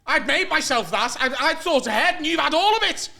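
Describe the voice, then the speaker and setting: A man doing a shrill, ranting landlord. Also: fast talker, pushed and bright. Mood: indignant ranting. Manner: shrill, indignant scolding. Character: fussy furious male landlord ranting.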